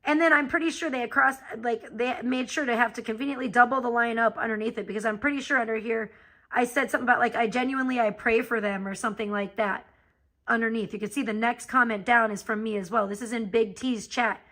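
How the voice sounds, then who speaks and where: High, bright-voiced woman ranting angrily. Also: steady tone, quick pace, rough recording. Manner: profane, heated and confrontational. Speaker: live streamer. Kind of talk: angry live-stream rant.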